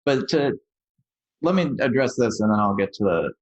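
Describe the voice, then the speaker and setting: A man's voice: mid-range voice, very animated, normal speed. A man speaking as a podcast guest, explaining technical points plainly and casually with many fillers. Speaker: guest software engineer. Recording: dry, dull lo-fi sound.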